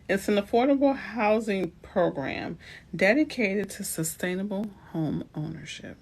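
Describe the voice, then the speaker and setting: A woman's voice: mid-range voice, animated, measured pace, gravelly, darkish tone. A woman from New Orleans with a New Orleans accent, a realtor giving chatty, playful advice on a live stream. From New Orleans, USA. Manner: chatty, playful asides to viewers.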